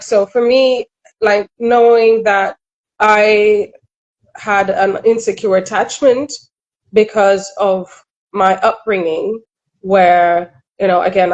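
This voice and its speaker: A woman's voice: medium pitch, darkish tone, low-quality recording. A middle-aged woman from Kenya, a relationship coach, talking candidly and reflectively in an interview. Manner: earnest, reflective, quick asides.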